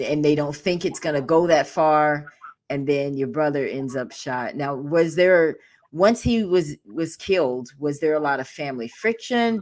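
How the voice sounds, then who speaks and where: A woman hosting a talk show, asking gentle, sympathetic questions of her guest. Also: low voice. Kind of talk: interview.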